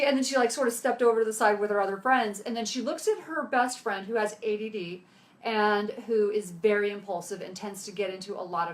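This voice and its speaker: A middle-aged woman giving a casual motivational talk, telling a family story in a chatty way full of fillers. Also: on the high side. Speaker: health speaker.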